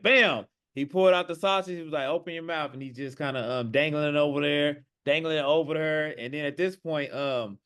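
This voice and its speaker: A man improvising a story, animated and acting out the characters he quotes. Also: fairly high pitch.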